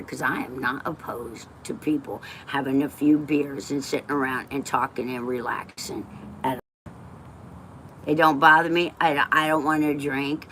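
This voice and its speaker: A woman's voice: rumbling low, a bit bright, a little hiss or hum. A woman from West Texas, livestreaming and telling rambling personal stories in a blunt, emotional way, swearing freely and drifting off topic.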